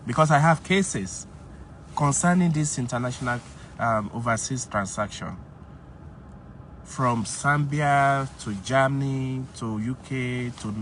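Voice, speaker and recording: A man giving an emphatic, animated casual monologue as a commentator. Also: a little hiss or hum. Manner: emphatic, rises high when indignant.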